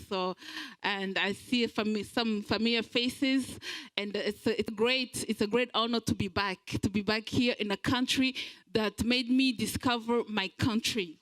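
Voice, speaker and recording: A woman from Belgium giving a speech at a community event, earnest and halting, with frequent pauses as she searches for words. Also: medium pitch, a bit bright, rough recording. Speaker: guest speaker.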